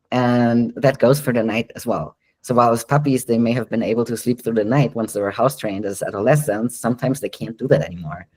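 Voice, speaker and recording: A man's voice: medium pitch, darkish tone, low-quality recording. A man working as a dog trainer, answering listener questions in a live online Q&A. He explains at length in a chatty way, with frequent ums and light laughs.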